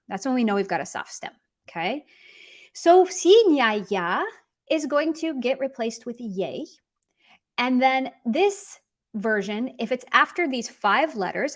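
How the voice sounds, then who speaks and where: A woman teaching a Russian grammar lesson, upbeat and teasing as she quizzes her viewers and reads out example phrases. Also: fairly high pitch. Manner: upbeat, teasing quiz prompts, switches between English and careful Russian.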